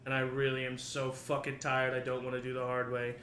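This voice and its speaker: A man's voice: mid-range voice, monotone, a little fast, pushed and bright, a little hiss or hum, natural voice. Man playing a big weary guard, blunt orders, roomy echo. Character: big tired male prison guard.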